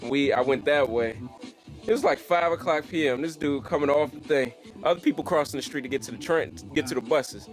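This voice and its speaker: A young man in casual brainstorming chat about a comedy show, telling stories in an animated, laughing way. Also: fairly high pitch, a little fast, soft background music, low-quality recording. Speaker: comedy writer.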